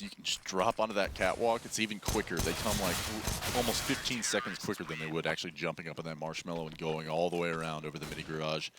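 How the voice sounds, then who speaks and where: A man casting a live esports match, thoughtful and full of fillers, speaking into a headset. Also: low voice. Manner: analytical, hesitant with many fillers. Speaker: esports commentator. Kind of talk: live game commentary. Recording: game gunfire noise behind.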